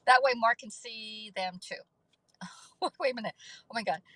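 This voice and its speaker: A woman's voice: a little high, normal speed, sharp tone, dry recording, rough recording. A middle-aged woman hosting a casual livestream, chatting and thanking viewers by name between laughs. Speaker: livestream host.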